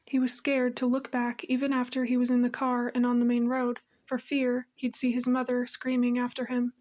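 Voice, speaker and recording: A woman narrating an audiobook with a steady, even storytelling manner. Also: a little high.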